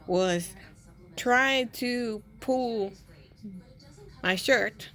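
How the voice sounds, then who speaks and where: Young adult woman, casual personal storytime; slow, slightly high-pitched, loose rambling delivery full of restarts. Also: a bit bright. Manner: rambling, with many restarts and repeated words.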